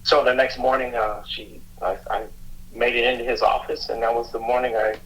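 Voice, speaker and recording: Middle aged cop telling his story, halting and earnest, keeps restarting, bright voice. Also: medium pitch, level tone, low-quality recording. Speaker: police officer and youth mentor, guest. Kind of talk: emotional personal storytelling.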